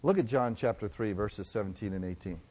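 A middle-aged man preaching a sermon, telling stories and swinging from loud to hushed. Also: fairly low pitch, a little fast. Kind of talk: sermon storytelling.

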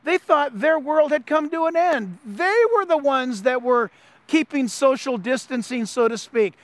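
A man pastor giving an animated, emphatic sermon, often repeating his phrases for effect. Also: extremely high pitch, unhurried, no echo. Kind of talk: Easter sermon.

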